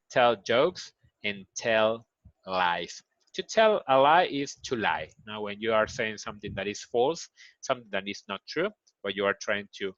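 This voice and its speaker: A man with a Spanish accent, a native Spanish speaker teaching an English lesson. He explains slowly, repeats key phrases and acts out example lines. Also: medium pitch, fairly bright tone, no echo. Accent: Mexican Spanish. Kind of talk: recorded online grammar lesson. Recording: dull lo-fi sound, dry.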